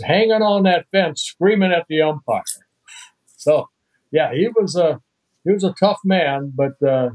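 A man's voice: on the high side, low-quality recording. Older man spinning chatty stories. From Netherlands. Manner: chatty, lively anecdotes with chuckles. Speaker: guest, retired pitcher. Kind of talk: storytelling in a podcast interview.

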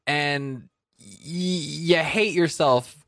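A man's voice: on the high side, extremely slow, fairly bright tone, no room sound, clean studio sound. A man telling rambling, self-deprecating stories in a casual chat, as a podcast co-host.

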